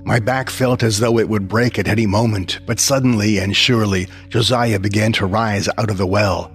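A man's voice: fairly low pitch, fairly even intonation, normal speed, breathy edge, faint music behind. A man narrating a scripted horror story in the first person, with dramatic storytelling.

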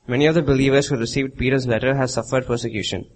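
Man reading a sermon in measured tones. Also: mid-range voice, fairly even intonation, slight background noise, rough recording. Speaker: preacher.

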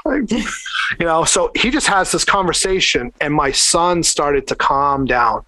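A middle-aged man telling a casual anecdote, rambling and animated with many fillers. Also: a little high, measured pace, no echo. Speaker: storyteller.

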